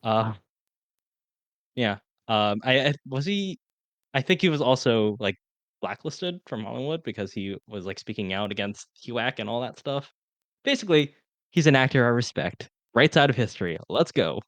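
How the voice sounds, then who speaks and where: Young guy podcast host, talks fast and rambly, lots of ums, dry close mic. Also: medium pitch, expressive, fairly bright tone, no room sound. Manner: fast, rambling with many fillers. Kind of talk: casual film-review chat.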